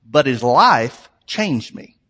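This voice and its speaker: A man's voice: mid-range voice, very animated, slow pace, a bit bright, husky. A man preaching a sermon to his congregation, earnest and conversational, with emphatic repetition. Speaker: pastor. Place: church sanctuary. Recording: long reverb of a large hall.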